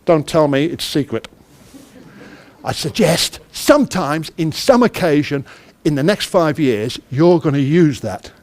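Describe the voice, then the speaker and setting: Speaking unhurriedly and expressively in a slightly high voice, this man, a project manager, leads a conference workshop where he quizzes attendees and plays out short dialogues.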